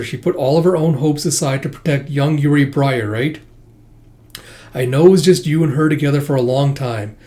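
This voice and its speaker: A man voicing an exasperated woman agent, dry, scolding, comic reading, slightly raised pitch. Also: dark tone, lightly acted. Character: blunt, exasperated adult female agent.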